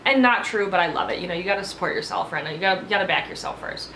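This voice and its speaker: A woman's voice: lowish voice, lively intonation, racing, a bit bright, slight background noise. A woman giving a casual, opinionated recap of a reality show, blunt and sarcastic, swearing freely. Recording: echoey room.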